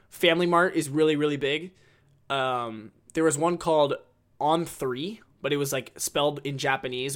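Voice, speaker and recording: A man's voice: a little high, fairly bright tone. A man hosting a casual solo podcast, rambling enthusiastically with lots of ums and likes. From United States. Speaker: podcast host.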